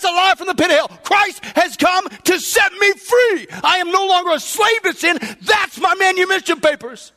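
A man preaching a sermon, fervent and often shouting. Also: extremely high pitch, expressive, moderate pace, hardly any pauses.

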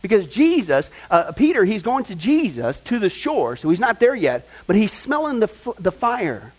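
Man, high voice, Bible teacher, chatty and emphatic, keeps checking the room. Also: normal speed, poor audio. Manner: conversational, checks in often with "right?" and "okay?"; emphatic, builds to excited points.

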